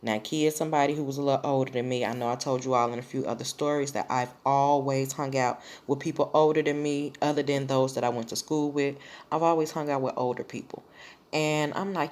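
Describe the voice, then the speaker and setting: A woman's voice: rumbling low, fairly even intonation, fairly quick, darkish tone. A woman vlogger telling a personal story in a blunt, profane, casual way.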